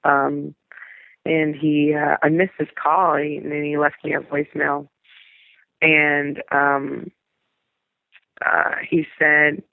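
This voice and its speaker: Gravelly New woman over a phone line. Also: low-pitched, monotone, slow, long pauses, dry recording. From New Orleans, USA. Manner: rambling and searching for words, with many trailing restarts. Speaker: actor. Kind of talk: interview storytelling. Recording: tinny dry phone-line sound.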